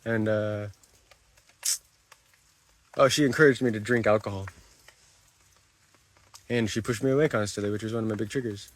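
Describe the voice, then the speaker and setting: A man's voice: on the low side, steady tone, normal speed, long pauses. A man livestreaming to his chat, talking defensively, repeating himself and swearing.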